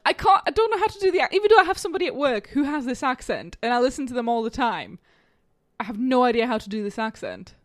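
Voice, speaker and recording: Woman, high and bouncy voice, dry close sound, giggly and self-deprecating, casual game chat. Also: lively intonation, fast, dry recording. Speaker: game player.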